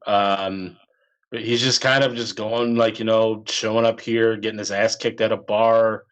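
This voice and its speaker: A man co-hosting a podcast, chatting casually about a film with halting restarts. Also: lowish voice, little pitch movement, low-quality recording. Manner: loose, halting chat with restarts. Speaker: podcast co-host. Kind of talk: casual film review chat.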